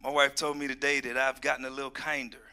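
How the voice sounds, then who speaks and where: This middle-aged man's sermon mixes scripture reading with folksy, animated joking aimed at his congregation. He speaks quickly, with a clean tone and a mid-range voice.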